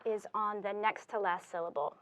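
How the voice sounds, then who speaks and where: A woman's voice: mid-range voice, fairly even intonation, fairly bright tone, faint music behind. A woman teaching Spanish, explaining step by step with fillers as she writes on a board. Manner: slow, deliberate explaining with fillers. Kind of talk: classroom explanation at a whiteboard.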